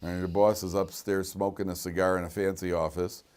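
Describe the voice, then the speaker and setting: Lively classroom storytelling from a rabbi with a deep voice and a fairly quick delivery. He jokes, stays animated, and repeats a lot of words while teaching.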